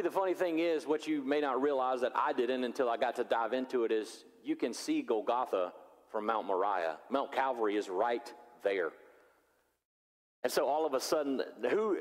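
A pastor preaching a sermon, animated and acting out the characters of the story. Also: male voice, mid-range voice. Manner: animated, acts out biblical characters in voices. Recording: long reverb of a large hall.

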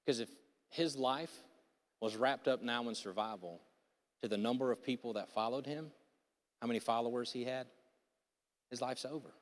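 Animated preacher in an echoing hall. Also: male voice, mid-range voice, normal speed, pauses often. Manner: animated storytelling, casual slang, acts out voices. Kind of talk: sermon. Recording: long reverb of a large hall.

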